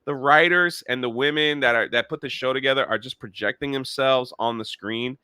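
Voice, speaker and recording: A man's voice: medium pitch, fairly quick, pushed and bright, smooth, no room sound, clean studio sound. A man hosting a casual review chat, dismissive and critical as he recaps the plot. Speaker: show host.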